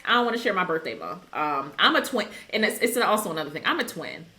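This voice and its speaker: Lady in her 30s chatting on a video call, kinda low pitched, punchy bright tone, acts out what people said. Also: fast. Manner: animated, laughs, acts out quoted voices. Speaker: guest, clinical psychologist. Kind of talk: candid conversational storytelling.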